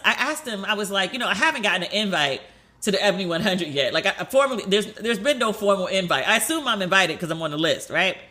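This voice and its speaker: A woman hosting a solo podcast, telling stories in a chatty, animated way and acting out the people she quotes. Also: medium pitch, quick pace. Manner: chatty, animated, swears, acts out quoted dialogue. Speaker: podcast host.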